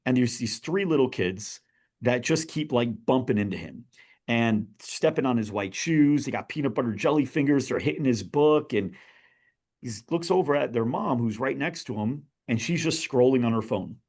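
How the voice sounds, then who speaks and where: Animated male storyteller on a podcast. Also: medium pitch, normal speed. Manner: animated storyteller who addresses his listeners directly. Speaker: guest, business author.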